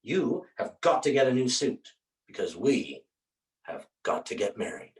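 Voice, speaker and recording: A man's voice: medium pitch, sing-song, measured pace. A man reading a young woman's letter aloud in an insistent tone, heard on a stage recording. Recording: roomy stage sound from a distance.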